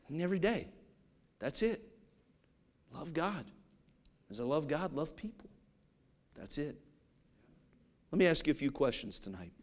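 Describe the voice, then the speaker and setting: A man preaching a sermon, animated and storytelling, acting out the people in his stories. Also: mid-range voice. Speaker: pastor.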